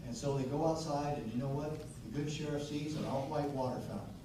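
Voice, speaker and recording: A former sheriff giving an impassioned rally speech. He talks like a preacher, telling a story in a low voice and then rising to loud, rousing declarations. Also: fairly quick. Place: outdoor rally through a PA. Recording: echoey PA sound from far off with background noise.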